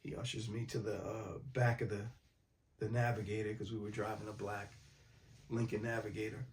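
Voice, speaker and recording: A man from mid-state New York, calmly recounting a personal story in a documentary interview. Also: fairly low pitch, moderate pace, a little hiss or hum.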